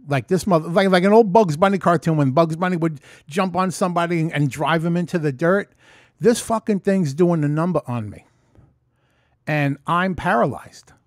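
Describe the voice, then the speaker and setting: Man, animated and swearing a lot, talking straight into a close mic, dry sound. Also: on the high side, no room sound. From New York. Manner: profane, animated storytelling. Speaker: vlogger. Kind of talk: casual storytelling vlog. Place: room at home. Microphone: close mic in front.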